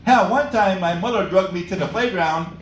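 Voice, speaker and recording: A man's voice: sits high, normal speed, slight background noise. A middle-aged man doing a stand-up comedy set in a small cafe, rambling and laughing at his own jokes. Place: small cafe stage with live audience. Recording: echoey room, mic from far off.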